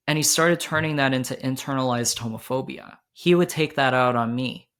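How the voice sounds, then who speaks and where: A man hosting a podcast, telling a personal story in a candid, halting way with many restarts, his voice jumping higher when he quotes his own panic. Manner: quoted lines rise much higher and louder when he relives panic. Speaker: podcast host.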